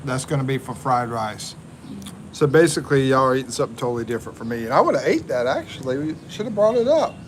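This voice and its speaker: A man's voice: medium pitch, very animated, fast talker, slight background noise, rough recording. A Texan man chatting casually on a livestream, reading viewer comments and chuckling, in a home kitchen. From USA. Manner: laid-back, chuckling, reads viewer comments. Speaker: livestream host.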